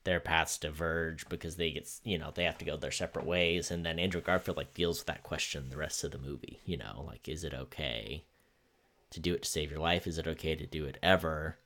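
A man's voice: extremely low pitch, steady tone, a little fast, fairly bright tone. A man co-hosting a podcast in casual chat, talking in a rambling, laid-back way with plenty of fillers. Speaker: podcast co-host.

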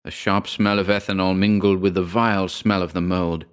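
Male narrator with a deep voice for a spoken horror tale; keep the first-person telling measured and grave. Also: flat delivery, clean tone. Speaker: audiobook narrator. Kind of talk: scripted horror story narration.

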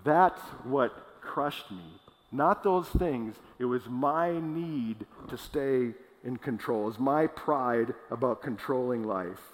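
A male pastor delivering a sermon in a church, with a middle-range voice and an earnest, emphatic delivery. He slows down on key words and stumbles into small restarts. His voice carries the long reverb of a large hall. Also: mid-range voice.

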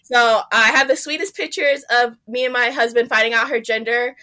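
Woman interview guest, bright tone, lively storyteller who acts out her own quotes. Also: on the high side, moderate pace. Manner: animated, reenacts her own past remarks in a raised voice. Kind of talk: personal storytelling.

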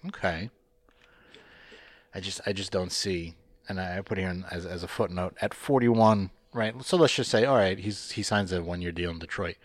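Man, podcast host, rambling, jokey, low voice, dry close recording. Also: moderate pace, no room sound. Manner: rambling, joking, laughs often. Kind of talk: casual hockey chat.

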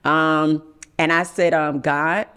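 A woman host with tells a personal story in relaxed podcast talk. She is animated and keeps slipping into the voices of the people she quotes. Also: medium pitch, normal speed. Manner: animated, acts out quotes with shifting voice. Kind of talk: casual storytelling chat.

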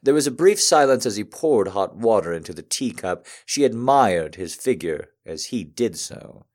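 A man reading a romantic story aloud to an audience in a calm, measured way with soft pauses. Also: lowish voice.

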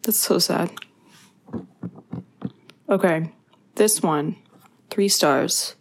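A woman's voice: fairly low pitch, drawn-out words, slight background noise. A young woman co-hosting a casual podcast chat, giggling, swearing now and then. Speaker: podcast co-host.

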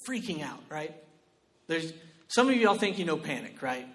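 A man preaching a sermon as pastor, shifting between loud, emphatic exhortation and quiet personal storytelling. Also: on the high side, big pitch swings, normal speed.

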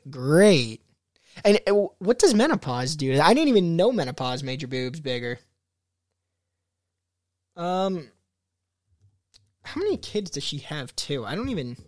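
A man's voice: fairly high pitch, no room sound, clean studio sound. A young man hosting a casual solo podcast, rambling with many fillers and restarts. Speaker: podcast host.

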